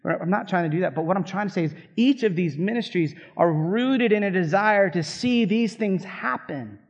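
A man's voice: sits high, normal speed, gravelly, muffled recording. A man preaching a sermon in a fired-up, conversational way, full of asides to the congregation. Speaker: pastor.

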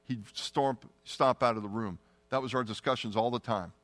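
A middle-aged man telling a personal testimony story, earnest and often dropping to a hushed tone. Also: mid-range voice, moderate pace, dry recording. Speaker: testimony speaker.

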